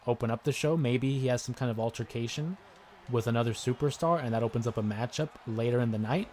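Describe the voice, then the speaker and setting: Man, mid-pitched, hosts a casual gaming live stream, chatty and excitable, faint background hiss. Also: fast. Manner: chatty, excitable, yells at the game. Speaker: gaming livestream host. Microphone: desk microphone with headphones listeners.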